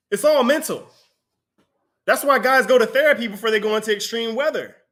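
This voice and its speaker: A man's voice: very high voice, normal speed, sharp tone. A man preaching a conversational sermon, often breaking into laughter between points.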